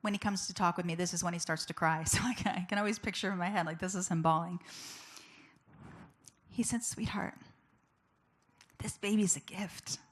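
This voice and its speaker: A woman's voice: fairly low pitch, steady tone, quick pace, a bit bright. A woman giving a personal testimony as a public speaker, telling her story candidly and conversationally with many casual fillers.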